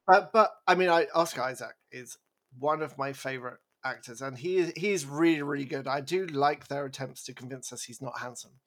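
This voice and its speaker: A man co-hosting a podcast in casual chat, animated and rambling, laughing as he talks. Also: medium pitch, brisk. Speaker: podcast co-host.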